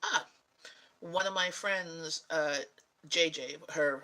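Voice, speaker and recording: Bright-voiced chatty woman. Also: low voice, slow pace, poor audio. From Canada. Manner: rambling and chatty, laughs often. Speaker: vlogger. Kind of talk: casual chat answering viewers.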